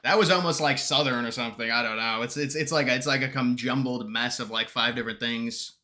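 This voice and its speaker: A man's voice: mid-range voice, fast talker, pushed and bright. A man hosting a casual live stream, reading chat questions aloud and answering them in a mocking tone, laughing often and tripping over his words.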